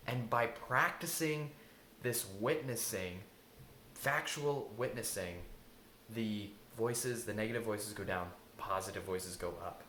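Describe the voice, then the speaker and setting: A man's voice: mid-range voice, a little slow, a bit bright, slight background noise. Earnest man coaching in an echoey room. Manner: earnest, repeats key lines for emphasis. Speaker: intuitive eating coach. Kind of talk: self-help talk.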